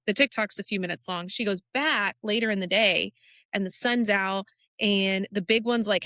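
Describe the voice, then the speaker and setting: A woman co-hosting a podcast who rambles excitedly in a casual chat while retelling a video she watched. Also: medium pitch, no room sound, clean studio sound. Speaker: podcast co-host.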